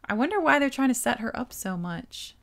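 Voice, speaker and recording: Woman, let's-play commentary, soft, quiet, musing, relaxed, slightly high voice. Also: a little fast, gravelly.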